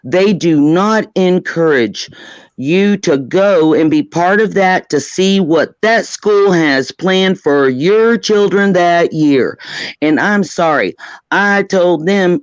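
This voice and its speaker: A woman's voice: lowish voice, expressive, takes it slowly, dry recording, dull audio. A middle-aged woman on a call, talking bluntly and emphatically in casual chat.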